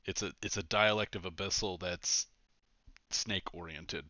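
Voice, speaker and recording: A man's voice: sits low, steady tone, a little slow, pushed and bright, no room sound, highs cut off. A man narrating a tabletop game as game master, descriptive and chatty with many fillers.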